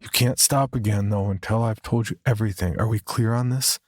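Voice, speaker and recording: A man's voice: lowish voice, steady tone, fairly quick, no echo, clean studio sound, voice pushed up, natural voice. A man voicing a haunted, grieving mother who hitchhikes, speaking in urgent, clipped commands in a horror podcast narration. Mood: firm.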